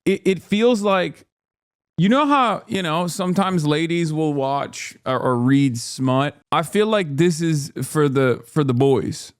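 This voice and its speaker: A man hosting a casual stream, rambling and animated, swinging from low mumbles to loud exasperated rants. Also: slow pace, clean tone, no echo, studio quality. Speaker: streamer host.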